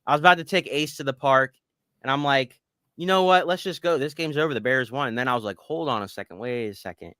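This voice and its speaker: A man in his thirties co-hosting a casual sports podcast, telling animated stories and swearing casually. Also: medium pitch, fast talker, clean tone, no echo, studio quality. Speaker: podcast co-host.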